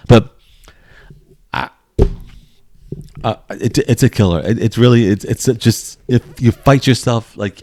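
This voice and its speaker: A man ranting casually to his camera, excitable and exasperated, with frequent restarts and bursts of swearing. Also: on the low side, no room sound. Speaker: vlogger.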